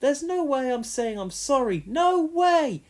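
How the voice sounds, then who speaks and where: A woman doing a squeaky, indignant little mouse. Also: sing-song, unhurried, darkish tone. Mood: stubborn. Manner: spluttering, indignant. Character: small excitable male mouse.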